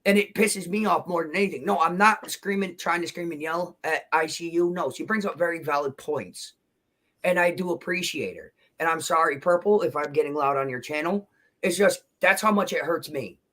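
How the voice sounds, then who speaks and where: A man's voice: a little high, moderate pace, bright, forceful tone. A man on a livestream panel, answering questions defensively and emotionally, rambling and restarting as he talks. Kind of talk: heated livestream argument.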